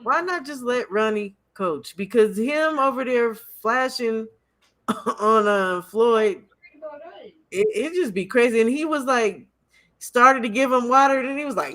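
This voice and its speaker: A man hosting a casual livestream chat, animated and laughing often, tending to repeat himself. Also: very high voice, a little slow. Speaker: livestream host.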